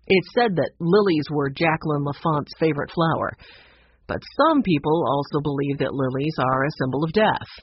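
A narrator voicing an older grandfather who explains things calmly and brushes off a ghost story. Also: medium pitch, normal speed, husky, close to an everyday voice. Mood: matter-of-fact. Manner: calm, dismissive explaining. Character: skeptical, steady grandfather, older man. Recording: dull, slightly lo-fi recording.

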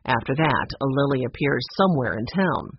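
A narrator voicing an older grandfather who explains things calmly and brushes off a ghost story. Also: medium pitch, fairly quick, a little hiss or hum, pitched below the performer's own voice, close to an everyday voice. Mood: matter-of-fact. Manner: calm, dismissive explaining. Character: skeptical, steady grandfather, older man. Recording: dull, slightly lo-fi recording.

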